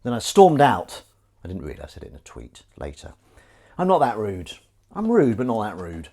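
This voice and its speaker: A man's voice: fairly low pitch, huge pitch swings, moderate pace, warm tone. A man chatting casually on a live stream while washing up in his home kitchen, rambling and joking at his own expense. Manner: rambling, jokey, self-deprecating. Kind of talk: casual chat. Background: clinking dishes and pans.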